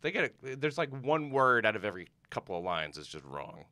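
A man spins a long, meandering story, padding it with fillers and false starts. His voice sits a little low yet cuts through bright and forceful. The recording is close and dry. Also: big pitch swings, a little fast, dry recording. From United States. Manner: rambling storyteller, trails off with fillers. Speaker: comedian guest. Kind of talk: casual chat.

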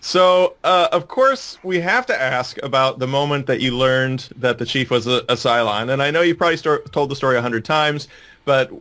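An easygoing man in the middle of his pitch range hosts a casual podcast interview. He asks questions in a relaxed way and often laughs along with his guest. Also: normal speed.

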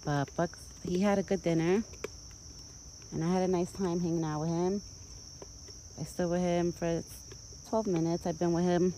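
This young vlogger, outdoors in a country yard with her phone camera, rambles casually and talks baby talk to a deer. Her warm voice is fairly low and fairly even in intonation, at a moderate pace with frequent pauses. Slight background noise sits under a low-quality recording.

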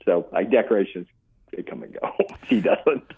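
An older man speaks low and a little husky, telling his stories earnestly and circling back on himself. His voice arrives thin and boxy, as over a phone call. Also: wildly swooping pitch, moderate pace. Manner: earnest, rambling storytelling with many restarts. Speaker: author and guest. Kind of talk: casual interview chat.

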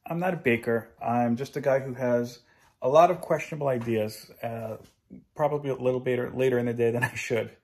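His mid-range, darkish voice moves a little fast as he hosts a casual kitchen cooking vlog, holding a phone camera himself. He jokes at his own expense and keeps up a chatty stream of asides.

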